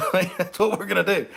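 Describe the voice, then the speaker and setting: Man, fishing guide host, casual teasing livestream chat, slightly high voice. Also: gravelly, fairly bright tone. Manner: joking, teasing and laughing between lines.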